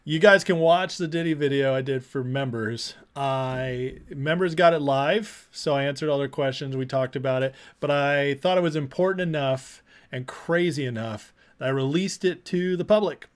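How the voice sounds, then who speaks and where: A man hosting a casual livestream, greeting viewers by name and talking through the news with energetic asides. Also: mid-range voice. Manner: energetic, shouting out chat names, rapid asides. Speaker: political commentary livestream host.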